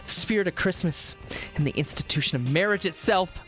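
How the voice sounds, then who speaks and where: A woman's voice: on the low side, expressive, brisk, faint music behind, lightly acted. A woman doing a cocky young male game hero. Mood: torn. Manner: swaggering, brash.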